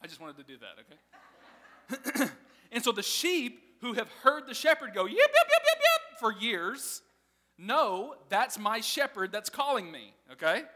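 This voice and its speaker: A man's voice: sits high, very animated, moderate pace, bright, forceful tone, big-room sound. A man preaching a sermon in a casual, conversational way, often laughing as he teaches. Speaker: pastor.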